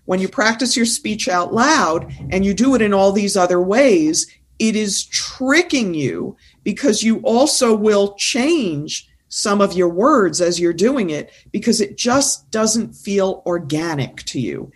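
A woman's voice: medium pitch, expressive, takes it slowly, few pauses, husky. A woman speaking coach in a podcast conversation, talking in an emphatic, insistent, teacherly way.

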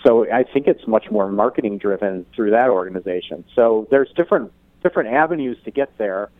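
A man guesting on a radio show, explaining things in a measured way with many fillers, heard over a phone line. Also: lowish voice, animated, dry recording. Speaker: guest expert. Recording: tinny phone line, dry.

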